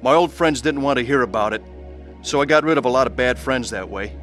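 A man's voice: mid-range voice, brisk, a bit bright, faint music behind. A man earnestly narrating his own dramatized testimony in a heartfelt way.

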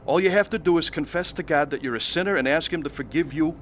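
A man's voice: a little high, quick pace, a bit bright, slight background noise. A man narrating his own faith testimony in an earnest, pleading way and acting out the scenes. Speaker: narrator of his conversion story.

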